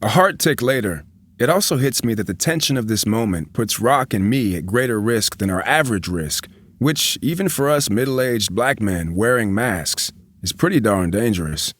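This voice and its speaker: A man reading a magazine profile aloud as a news reader, at a measured, even pace. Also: lowish voice, no echo, studio quality.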